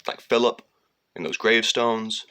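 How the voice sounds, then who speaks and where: A man's voice: lowish voice, steady tone, normal speed, sharp tone, clean tone. A man telling a digressive, profane story in a rambling monologue. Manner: digressive, profane, slips into sung lines and mocking voices.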